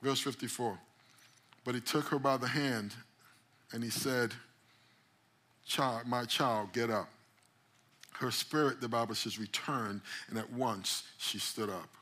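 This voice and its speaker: A man preaching a sermon at a church service. His voice is bright and cutting, and he tells the story dramatically, acting out quoted lines with sudden loud bursts. He calls out to the congregation as he goes. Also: mid-range voice, normal speed. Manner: call-and-response phrases to the congregation. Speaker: pastor.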